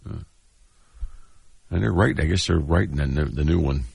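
A man co-hosting a talk show, joking crudely in casual banter with quick asides. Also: very deep voice, creaky, darkish tone, breathy edge, no room sound, studio quality. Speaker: radio show host.

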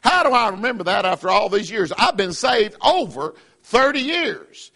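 A man's voice: sits high, sing-song, moderate pace, gravelly, bright, forceful tone. A middle-aged man preaching a fiery sermon as pastor, in an emphatic, repetitive cadence.

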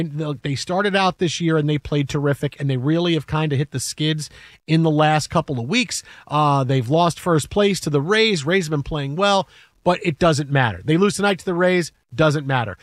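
A man hosting a sports talk show, telling stories casually and arguing his points with energy and quick restarts. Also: a little high, dry recording, studio quality. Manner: animated, quick restarts, acts out quotes.

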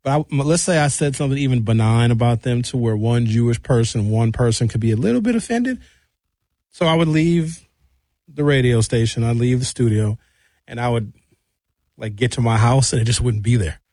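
A man from Milwaukee, hosting a comedy radio show. He rambles and jumps animatedly between high and low pitch. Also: fairly quick, dark tone, dry recording, studio quality. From Milwaukee, USA. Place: radio studio.

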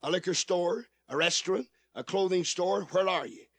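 A man preaching a fervent sermon from a studio, repeating phrases and rising to shouts. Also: sits high, moderate pace, dry recording. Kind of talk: radio sermon.

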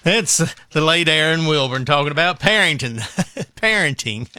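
Man, radio host, casual chat, bright voice, dry studio sound. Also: fairly high pitch, expressive, normal speed, dry recording. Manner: chatty, rambling, laughs between remarks.

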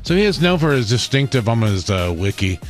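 A man's voice: mid-range voice, sing-song, fairly quick, faint music behind. Chatty male radio host, middle voice. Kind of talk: casual radio banter.

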